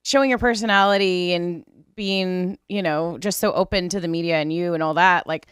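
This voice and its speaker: A woman's voice: fairly low pitch, fairly even intonation, moderate pace, smooth, no room sound, studio quality. A woman co-hosting a podcast, chatting casually, asking friendly questions and telling a story about her son. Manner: friendly, asks questions, encouraging. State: mother. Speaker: podcast co-host. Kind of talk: casual chat.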